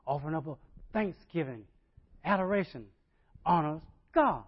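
A man's voice: a little high, unhurried, long pauses, highs cut off. A male pastor delivering a sermon conversationally, often checking in with the congregation.

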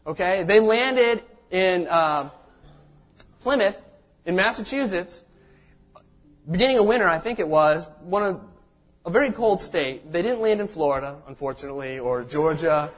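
A man's voice: sits high, lively intonation, moderate pace. A man preaching a sermon as a pastor. He tells the story in a conversational way and often checks in with the congregation by asking "okay?".

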